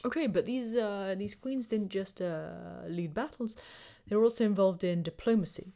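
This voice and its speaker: A woman's voice: mid-range voice, moderate pace, vocal fry, mellow. A woman hosting a podcast, narrating in a chatty, self-deprecating way and reading quotes aloud. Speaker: podcast host.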